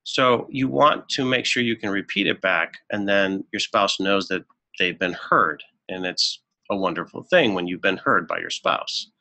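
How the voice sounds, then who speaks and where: A man presenting a marriage webinar as a counselor, earnest and instructive, often pausing with fillers. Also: sits low, gravelly, bright, forceful tone. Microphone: webinar microphone.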